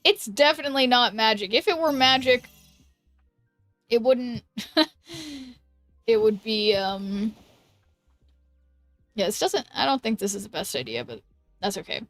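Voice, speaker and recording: A woman's voice: on the high side, animated, measured pace, long pauses, fairly bright tone, no echo. An American woman streaming a game, chatting casually and giggling, trailing off with ums. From United States. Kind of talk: casual chat while gaming. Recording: dry close mic with faint background music.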